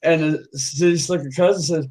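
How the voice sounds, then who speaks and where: A man's voice: a little high, fairly even intonation, brisk, a little mellow, poor audio. A man telling crude jokes on a livestream in a casual, rambling way with frequent restarts. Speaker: livestream host, joke teller.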